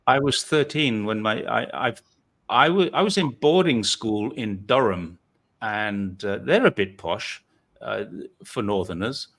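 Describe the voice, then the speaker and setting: A man's voice: on the low side, lively intonation, a little slow, fairly bright tone. A man from northeast England hosting a casual chat, rambling and self-deprecating as he tells his story. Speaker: host.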